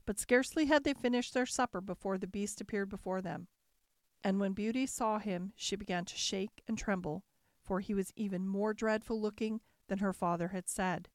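Woman calmly narrating a fairy tale. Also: medium pitch, moderate pace, no room sound, clean studio sound. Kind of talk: storybook narration.

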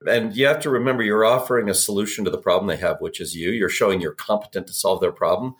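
A man's voice: lowish voice, fast. A man talking as a sales expert on a podcast, telling anecdotes and acting out quoted dialogue with energy. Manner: animated storyteller, acts out quotes. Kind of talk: podcast conversation.

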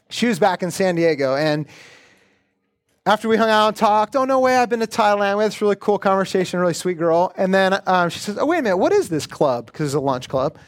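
A male pastor with a noticeably high voice delivers a sermon that moves between prayer and storytelling. He speaks earnestly and conversationally, like he's talking with his congregation. The sound is close and dry. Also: dry recording.

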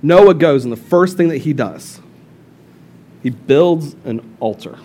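Animated high-voiced male pastor. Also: takes it slowly, a little hiss or hum. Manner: animated storyteller who jumps into high-pitched voices for characters. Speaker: lead pastor. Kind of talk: casual, humorous sermon.

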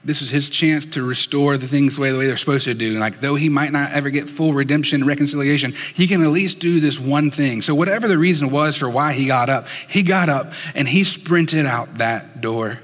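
Earnest male preacher in a reverberant hall. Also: on the high side. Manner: earnest, dropping soft and slow for emphasis. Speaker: pastor. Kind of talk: sermon.

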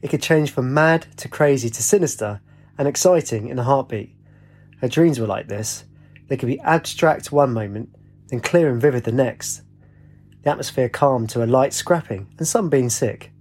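A man's voice: mid-range voice, normal speed. A man narrating a story aloud, changing his voice for the characters' dialogue. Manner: lively, puts on voices for dialogue. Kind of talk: audiobook reading with character voices.

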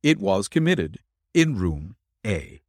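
A man voicing a calm, assured male detective in an audiobook, explaining step by step. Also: fairly low pitch, dry recording, clean studio sound. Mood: measured. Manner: measured, explaining.

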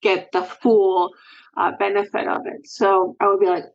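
A woman's voice: mid-range voice, flat delivery, moderate pace, dull audio. A woman guest talking earnestly and emotionally about her experience as a sports parent in a candid interview.

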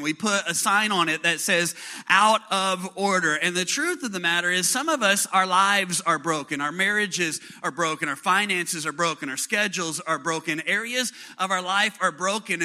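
Bright, high-voiced animated man preaching. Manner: animated, acts out little scenes and voices. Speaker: pastor. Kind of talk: sermon with call-and-response.

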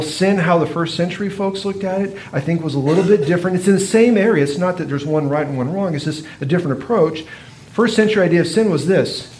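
A man's voice: on the high side, a little mellow, slight background noise. A man giving a sermon as a pastor, teaching in a conversational way and often asking his listeners rhetorical questions.

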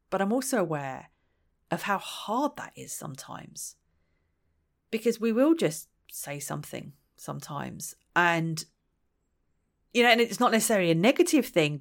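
A woman talks in a relaxed, reflective way, thinking aloud as she goes. Her voice sits fairly low. She slips into little acted-out quotes to make her points. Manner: chatty, thinks aloud, acts out quoted lines. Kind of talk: reflective solo talk.

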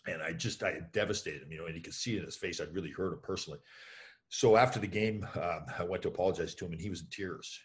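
A man's voice: sits low, fast. A middle-aged man, a former pro hockey player, telling anecdotes as an interview guest, with plenty of fillers. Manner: anecdotal, many fillers, acts out voices in quotes. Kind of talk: storytelling in an interview.

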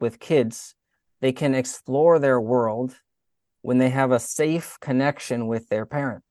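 A man talks through a spiritual reflection in an earnest, conversational way, at a middle pitch. The recording is dry and close, with no room echo. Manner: earnest, conversational, with soft laughs. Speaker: speaker giving faith reflections.

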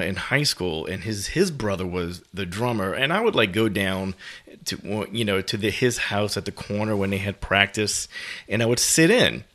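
A podcast host from New with the local tells a story in casual chat. His voice sits fairly low, and he talks with animation and laughs often. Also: bright, forceful tone. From New Orleans.

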